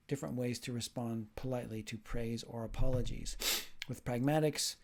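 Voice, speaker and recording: A man's voice: medium pitch, steady tone, moderate pace, gravelly, darkish tone. A man speaking as a linguistics professor in a recorded video lecture, explaining ideas step by step and acting out short example dialogues.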